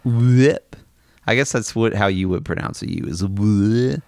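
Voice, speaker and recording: Low gravelly man with lively laughter. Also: normal speed, no echo, clean studio sound. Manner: joking, laughs often. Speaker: co-host. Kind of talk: casual podcast chat.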